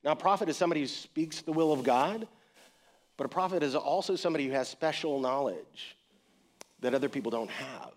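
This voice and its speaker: A man preaching a sermon in a conversational style, retelling a story with lively acted-out quotes. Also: fairly high pitch, brisk.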